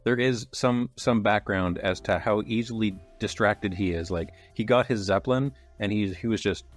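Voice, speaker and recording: A man's voice: fairly low pitch, normal speed, faint music behind. A man hosting a podcast, chatting casually, laughing easily and recapping the story. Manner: easygoing, laughs often, summarizes plot. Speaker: podcast host.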